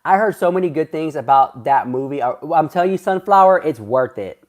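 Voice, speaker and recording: A man's voice: a little high, expressive. Chatty gossipy man live-streaming. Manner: chatty and gossipy, drawn-out rambling asides. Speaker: livestreamer reading chat. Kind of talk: casual livestream chat.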